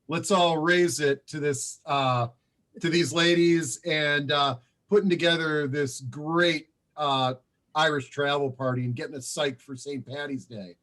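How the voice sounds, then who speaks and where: A man's voice: a little high, fairly even intonation, a little slow, fairly bright tone. A man co-hosting an online party and reading quiz answers, friendly and hesitant, with many fillers. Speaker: co-host running the slideshow and quiz. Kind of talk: casual hosting on a video call. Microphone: video call.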